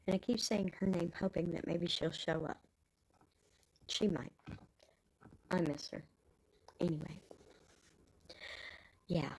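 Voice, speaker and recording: A woman's voice: on the low side, slow, long pauses, a little mellow, slightly rough, rough recording. A Texan woman in her fifties with grandkids, rambling casually in folksy talk as a live stream host. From Texas.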